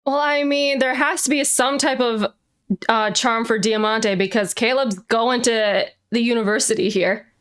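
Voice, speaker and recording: A young woman chats casually as a tabletop player, giggling between lines. Her voice sits a little high. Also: fairly even intonation, normal speed, a bit bright, smooth. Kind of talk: casual tabletop role-play.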